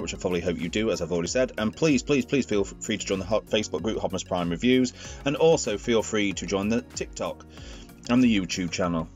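Male toy reviewer, lowish voice, casual and rambling. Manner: chatty and rambling, jokey asides.

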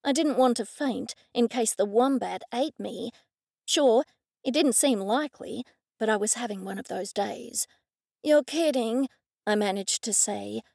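A woman narrating an audiobook in the first person, telling the story in a clear, measured way. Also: fairly high pitch, darkish tone, dry recording, clean studio sound.

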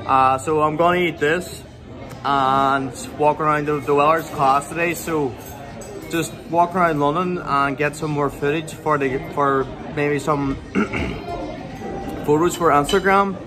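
A young man talking to camera in a casual vlog, excited and rambling, with lots of swearing and restarts. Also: on the high side, a little slow, over music. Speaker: bodybuilder vlogger.

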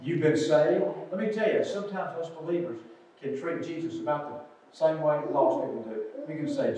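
An older man preaching an earnest sermon, moving between loud pleas and quiet asides. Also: on the high side, moderate pace. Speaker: pastor. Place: church sanctuary. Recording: echoey church sanctuary, distant mic.

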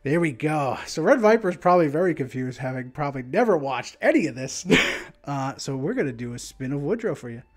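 A man's voice: on the high side, sing-song, a little fast. A man hosting a livestream in casual chat, laid-back and rambling, often laughing. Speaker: stream host.

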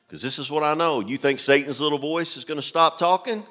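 A man's voice: fairly high pitch, a little fast, pushed and bright. Emphatic preaching man in a reverberant church. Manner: emphatic preaching, repeats key phrases, talks straight to the congregation. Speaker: pastor. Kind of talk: sermon. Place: church sanctuary. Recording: long hall reverb from a church.

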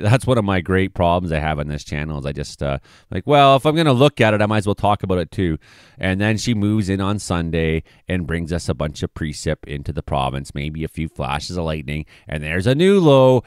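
A man's voice: fairly low pitch, clear, resonant tone, no echo, studio quality. A man giving a casual, rambling weather forecast, with sarcastic asides and plenty of swearing. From British Columbia, Canada. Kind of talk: casual forecast commentary over weather maps.

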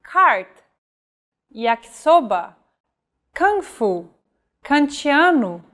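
Slow, careful woman teaching pronunciation. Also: high voice, very animated, a bit bright. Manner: careful, measured teaching delivery with modeled example words. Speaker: language teacher. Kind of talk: scripted lesson narration.

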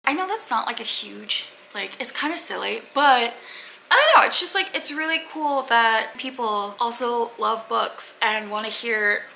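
Young woman, rambly casual vlogger, bright and slightly high voice. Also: lively intonation, a little slow, creaky, a little hiss or hum, poor audio. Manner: chatty, rambling, lots of "like" fillers. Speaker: booktuber. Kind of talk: casual unboxing chat to camera.

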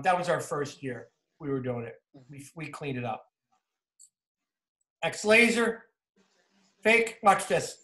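Male football coach, New Jersey accent, high voice, energetic clinic talk in a roomy echo. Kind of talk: clinic talk narrating game film.

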